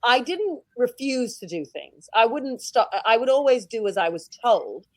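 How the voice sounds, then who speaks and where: A British head teacher, a woman, telling stories in a casual interview, outspoken and animated. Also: fairly high pitch, moderate pace, no echo. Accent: British English. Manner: outspoken, animated storytelling with laughs.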